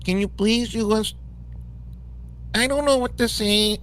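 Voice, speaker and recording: A man's voice: high-pitched, unhurried, fairly bright tone, rough recording. Resigned male streamer in a stream clip. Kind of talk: livestream clip.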